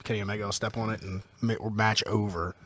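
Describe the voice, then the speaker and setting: A man from North Carolina co-hosting a podcast, telling wrestling stories with quick jokes. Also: on the low side, level tone, fairly bright tone, no echo. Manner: joking storyteller, quick quips. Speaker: podcast co-host. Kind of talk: casual wrestling podcast chat.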